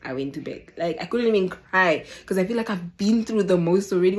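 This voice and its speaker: A young woman telling a personal story to the camera, animated and exasperated, often calling out to her viewers. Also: on the low side, brisk, few pauses. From Namibia. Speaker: vlogger. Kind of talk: casual storytime.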